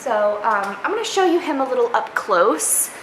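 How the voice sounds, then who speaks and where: A woman's voice: fairly high pitch, sing-song, moderate pace. A young woman vlogging casually about her pet rabbit, chatty and gushing. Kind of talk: casual pet tag vlog. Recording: echoey room, faint noise.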